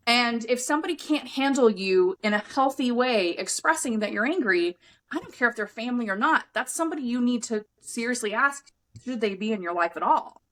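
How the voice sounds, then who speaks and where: A woman hosts a podcast in an unfiltered, conversational way. Her voice sits a little high, and she swears freely while stressing her points with conviction. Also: a little fast, rough recording. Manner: frank, swears freely, emphatic; acts out other people's lines in lively voices. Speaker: podcast host and anger coach. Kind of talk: casual conversational podcast talk.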